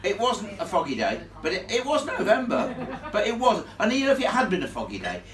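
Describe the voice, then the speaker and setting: A man telling a ghost story live to an audience in a chatty, animated way, laughing along with the crowd. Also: high-pitched, fairly quick. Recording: echoey room, from far off.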